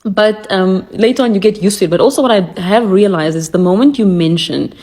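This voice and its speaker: A woman's voice: mid-range voice, a little fast. A young South African woman with a South African accent, chatting and telling stories in a casual reaction video, laughing often. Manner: animated, laughing, storytelling. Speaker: social media creator.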